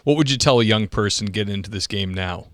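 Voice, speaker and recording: A man hosting an interview podcast, giving short encouraging reactions and asking relaxed questions. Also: lowish voice, quick pace, dry recording. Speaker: podcast host.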